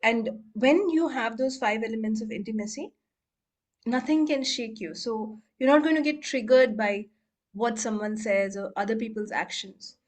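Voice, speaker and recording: A woman coach leading a casual group call, chatting and laughing, and rattling off repeated clearing phrases in a quiet murmur. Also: a little high, moderate pace. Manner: chatty, laughs often, acts out quoted voices. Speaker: healing coach and facilitator.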